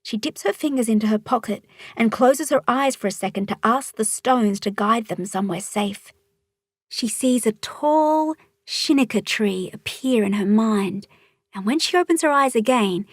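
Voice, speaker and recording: A woman narrating a children's storybook in a calm, even read-aloud manner. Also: fairly high pitch, dry recording, clean studio sound.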